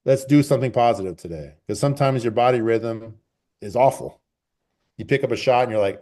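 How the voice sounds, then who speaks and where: A man who coaches track and field, answering interview questions in a relaxed, rambling way and repeating phrases for emphasis. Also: mid-range voice, brisk. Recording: call recording.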